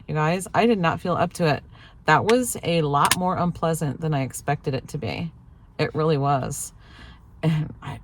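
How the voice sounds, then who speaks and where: A woman in her forties telling a story casually to her viewers, acting out the voices of others and laughing often. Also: low-pitched. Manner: chatty storytelling, acts out quoted lines, laughs often. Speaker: vlogger. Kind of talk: casual chat to camera.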